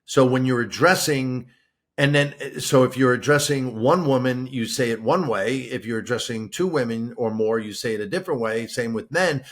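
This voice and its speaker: A man co-hosts a casual podcast, explaining things at length in an animated, rambling way. His voice sits at an ordinary pitch for a man, and he often restarts his sentences. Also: moderate pace. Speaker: podcast co-host. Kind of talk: casual chat.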